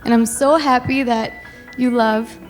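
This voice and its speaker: Bride's toast, woman fighting tears, high voice, soft music behind. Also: steady tone, a little slow. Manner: emotional, tearful, laughing between lines. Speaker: bride giving a wedding toast. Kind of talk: heartfelt wedding speech.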